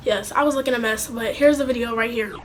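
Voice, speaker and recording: A young woman telling a casual storytime vlog, animated and slangy, with some swearing. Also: fairly high pitch, fast, faint music behind. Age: young adult. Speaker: vlogger.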